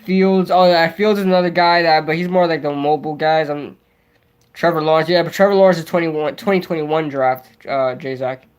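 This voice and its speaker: A young man hosting a casual livestream, rambling excitably and answering viewers' chat as he goes. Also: on the high side, moderate pace, smooth. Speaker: livestream host.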